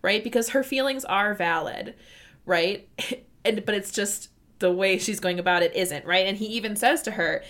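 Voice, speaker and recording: A woman in casual conversation who retells a story with energy, laughs often and acts out the characters' lines. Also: mid-range voice. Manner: animated, quick to laugh, acts out quoted dialogue. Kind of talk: casual chat retelling a book scene.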